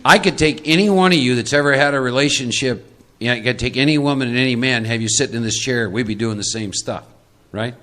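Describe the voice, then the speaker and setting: A man's voice: medium pitch, fast, fairly bright tone. A man from Texas leading a live recovery workshop, emphatic and teasing, often checking that listeners follow. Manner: emphatic, teasing, asks for agreement.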